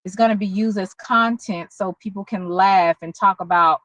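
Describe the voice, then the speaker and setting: A woman with a Southern US accent, talking candidly and haltingly in a personal vlog, at times close to tears. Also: mid-range voice, fairly even intonation, fairly bright tone, dry recording, rough recording. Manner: slow, candid, halting, with many pauses and fillers. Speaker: vlogger. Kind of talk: emotional personal vlog talk.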